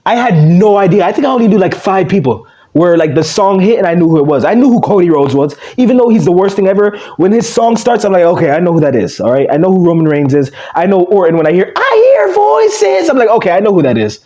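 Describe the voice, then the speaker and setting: A man's voice: high-pitched, lively intonation, fast, hardly any pauses, warm tone. A man giving a casual, profane rant as a wrestling vlogger, blunt and exasperated. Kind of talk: casual ranting commentary.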